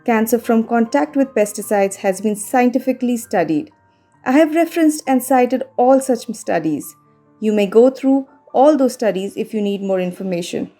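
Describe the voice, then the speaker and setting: A woman narrating a scripted story in a measured, calm and careful voice. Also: a little high. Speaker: voice-over narrator. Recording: faint music behind the voice.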